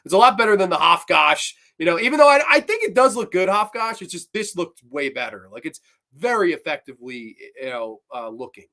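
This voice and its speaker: Man, horror review host, casual livestream chat, excitable, swears a lot, slightly high voice. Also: brisk.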